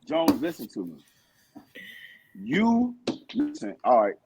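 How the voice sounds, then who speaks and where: A man's voice: medium pitch, wildly swooping pitch, takes it slowly, creaky, background noise. A man co-hosting a podcast, arguing his point bluntly and emphatically with a lot of swearing. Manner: blunt, emphatic, heavy profanity. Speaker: podcast co-host. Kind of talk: heated casual debate.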